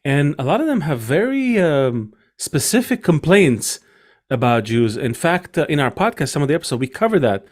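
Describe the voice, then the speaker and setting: A man's voice: on the high side, sing-song, normal speed. A man hosting a talk podcast who reasons aloud in a casual, rambling way. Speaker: podcast host.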